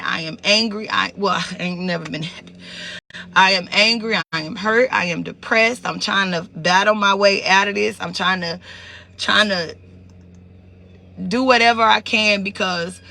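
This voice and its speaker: High, gravelly man live-streaming. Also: bright, forceful tone. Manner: emotional, repeats words, greets viewers by name. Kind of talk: casual live-stream talk to viewers.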